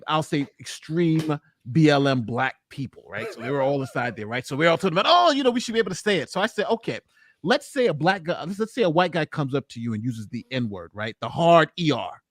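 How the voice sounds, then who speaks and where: A man on a livestream panel, telling a story in a lively, animated way and laughing often. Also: a little fast. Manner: animated storyteller, laughs often, rises high when excited. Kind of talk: casual livestream chat.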